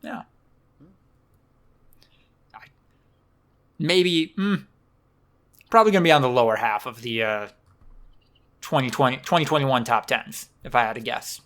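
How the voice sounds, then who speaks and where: A man's voice: medium pitch, animated, a little slow, pauses often, a bit bright. A man co-hosting a podcast in casual chat, rambling and hedging with fillers. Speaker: podcast co-host.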